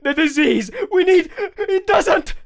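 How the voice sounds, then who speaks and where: A man's voice: very high voice, lively intonation, takes it slowly, creaky, voice pushed up, full character voice. A man voicing a terrified captured male unicorn prisoner, screaming and sobbing as he begs under torture. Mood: screaming terror.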